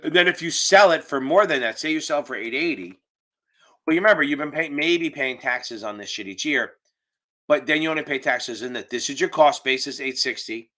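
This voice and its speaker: A man's voice: a little high, fairly quick, pushed and bright. A man teaching a live online exam-prep session over a video call, casual and joking, with the odd curse. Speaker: exam tutor. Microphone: computer mic on a video call.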